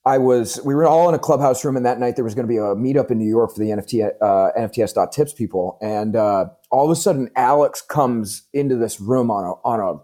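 Mellow-voiced man, casual podcast chat. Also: medium pitch, fast talker, hardly any pauses. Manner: animated storyteller, swears casually, lots of fillers.

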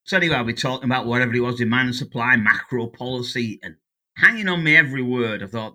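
An English man in his sixties speaks with a strikingly bright, sharp tone. He is a guest economist in a relaxed interview, chatty and full of anecdotes. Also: medium pitch, fast. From England. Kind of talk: casual interview chat.

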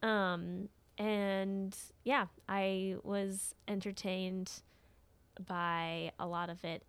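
A woman in casual podcast chat with a gravelly, fry-edged voice. She sounds upbeat and laughs between phrases. The sound is dry and close. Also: medium pitch, level tone, very slow, no echo. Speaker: podcast co-host. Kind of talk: casual movie-review chat.

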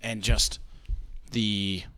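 A middle-aged man co-hosting a casual podcast chat, telling stories with lots of swearing and acting out quotes loudly. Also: fairly low pitch, extremely slow, no echo. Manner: animated storyteller, swears, acts out shouted quotes. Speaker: podcast co-host.

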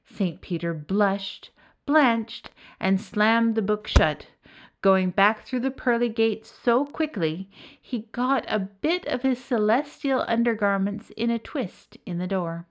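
A woman narrating a serialized folk tale with lively, expressive storytelling. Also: medium pitch, takes it slowly. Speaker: narrator and author.

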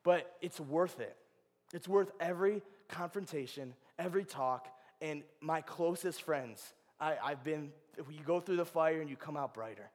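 High-voiced young man in an echoing hall. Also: normal speed. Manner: animated, chatty storyteller. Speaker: ministry speaker. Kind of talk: informal sermon with personal stories. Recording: long hall reverb.

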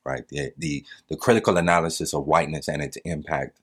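Man with an extremely deep voice. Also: steady tone, a little fast, a bit bright, breathy edge. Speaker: parent in a group conversation. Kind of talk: reflective conversation.

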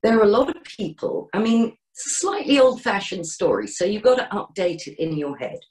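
Animated woman coaching on a podcast. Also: medium pitch, fairly quick. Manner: animated, gently encouraging, acts out inner voices. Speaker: coach and guest. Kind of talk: podcast interview.

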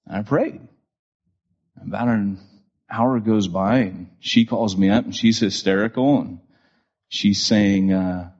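Husky guy in his 40s preaching, rambly animated stories, kinda dull lo-fi sound. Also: lowish voice, measured pace. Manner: animated storyteller with many restarts and asides. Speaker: pastor. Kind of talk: storytelling sermon to a live audience. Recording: dull lo-fi recording.

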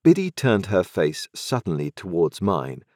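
A man narrating a novel in the first person, measured and reflective. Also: deep voice, huge pitch swings, darkish tone, no room sound, studio quality. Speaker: audiobook narrator.

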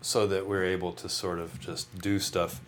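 A man, a guitarist, explaining his practice approach in a relaxed interview, with loose phrasing, restarts and frequent "you know"s. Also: deep voice, moderate pace.

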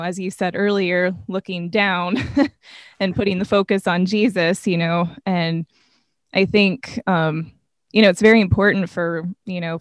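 A woman's voice: lowish voice, clean tone, no room sound, clean studio sound. A woman in a casual faith conversation, talking reflectively with many "you know" fillers.

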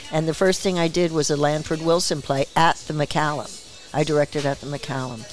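Animated older woman telling stories. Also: deep voice, normal speed, faint music behind. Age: 70s. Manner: lively storyteller who acts out quoted voices, laughs often. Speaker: guest actress and director. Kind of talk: casual interview storytelling. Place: small bar.

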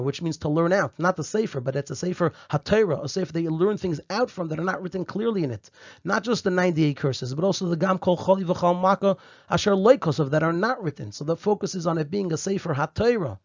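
A man with a fairly high voice works through a Torah text step by step, repeating key phrases and saying Hebrew terms the Ashkenazi way. The recording is dry and a little dull. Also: a little mellow, no echo. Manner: uses Hebrew and Yiddish terms in Ashkenazi pronunciation. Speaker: Torah teacher. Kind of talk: explaining a Torah text line by line.

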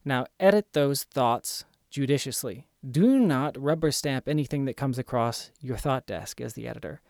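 A man's voice: medium pitch, animated, normal speed, gravelly, a little mellow, dry recording, studio quality. A man giving earnest, emphatic self-help instruction in a coaching tone. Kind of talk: motivational instruction.

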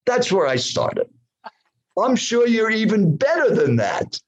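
Animated, husky older man telling a story. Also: high-pitched, a little slow, muffled recording. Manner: animated, addresses the host directly, poses questions to the listener. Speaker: guest speaker. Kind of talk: dramatic storytelling in a podcast interview.

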